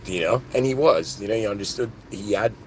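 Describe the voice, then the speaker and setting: A man hosting his own podcast, rambling excitedly through spiritual ideas in a casual monologue, full of "dude" and "like". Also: lowish voice, fast talker, slight background noise. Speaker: podcast host.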